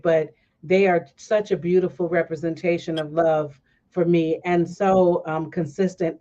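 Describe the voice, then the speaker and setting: A woman hosting a casual talk stream, telling stories with energy and acting out the people she quotes. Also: lowish voice. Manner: animated storytelling, acts out quoted voices. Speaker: host. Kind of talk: casual chat. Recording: dull lo-fi stream audio.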